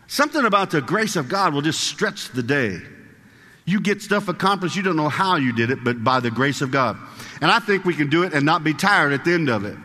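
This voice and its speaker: Brief: a male preacher with a high-ish, forceful voice, chatty with the congregation, long hall reverb. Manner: conversational, asks the congregation questions, reads scripture slowly. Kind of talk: sermon.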